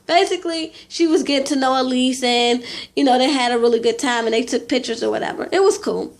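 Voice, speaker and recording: A young woman with a high voice talks through a reality TV episode in a loose, gossipy way. She is opinionated and chatty, filling her sentences with "you know" and casual slang. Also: quick pace. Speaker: reality TV recap vlogger.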